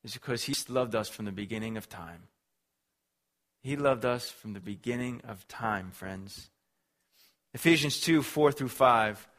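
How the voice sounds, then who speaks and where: Pastor, male, mid-pitched voice, earnest emphatic sermon delivery with repetition. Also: a bit bright.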